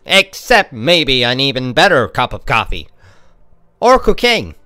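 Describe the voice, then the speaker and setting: A man playing a grizzled, coffee-addicted male detective in a spoof sponsor ad, deadpan and faltering. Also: medium pitch, a little slow, no room sound, faint music behind.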